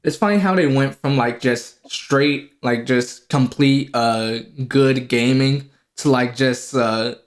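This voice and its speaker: Brief: young male podcast co-host, mid-pitched, playful questioning banter. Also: slow, few pauses. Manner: teasing, asks lots of questions. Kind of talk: casual chat.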